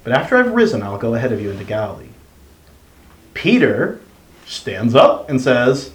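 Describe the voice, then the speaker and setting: A man's voice: medium pitch, wildly swooping pitch, normal speed, long pauses. A man leading a group Bible study discussion, reading passages aloud and asking the group questions. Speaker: discussion leader. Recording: roomy room sound, faint noise.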